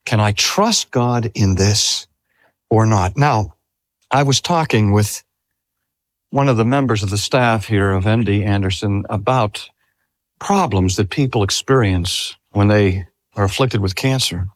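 A man's voice: fairly low pitch, measured pace, no echo. An older man preaching a sermon. He speaks earnestly, drags out key phrases for emphasis and asks the listeners rhetorical questions. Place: talk at a cancer hospital.

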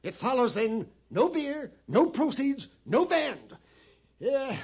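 A man's voice: fairly high pitch, sing-song, takes it slowly, a little mellow, breathy edge, full character voice. An actor playing a nervous, fussy male storekeeper at an army post in a 1950s radio drama, theatrical and prone to whispering. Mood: fussy, pompous. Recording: dull old radio broadcast recording.

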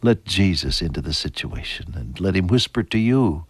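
An older man preaching a sermon, moving from hushed, near-whispered lines to lifted, emphatic ones. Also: low voice, expressive, normal speed, hardly any pauses, slightly rough, dry recording.

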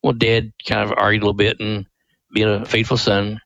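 A man's voice: lowish voice, monotone, fairly quick, creaky, fairly bright tone, no room sound, highs cut off. Middle-aged guy telling an old family story, folksy, earnest, dry studio mic. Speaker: ministry president, guest. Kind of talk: radio interview storytelling.

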